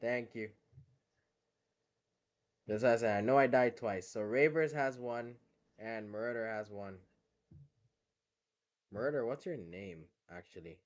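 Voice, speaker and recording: On the phone call, a man with West African English speech streams a racing game, his mid-range voice moving at a measured pace and pausing often. He keeps the gaming chat casual, tossing out slang and laughing a lot in laid-back banter.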